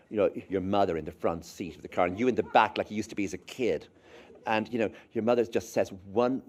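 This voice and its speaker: Wry Irish man telling stories. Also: lowish voice. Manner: wry, halting storytelling. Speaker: author giving a public lecture. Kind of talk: anecdotal lecture.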